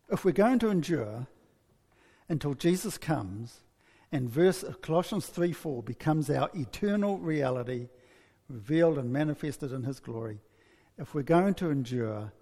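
A man's voice: medium pitch, mellow. Wry older male preacher, echoing hall. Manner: conversational, wry, storytelling with asides. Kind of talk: sermon.

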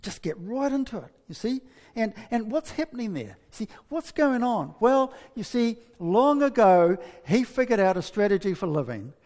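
A man preaching a sermon, telling a story with many restarts and lively asides. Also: sits high, moderate pace, in a large hall.

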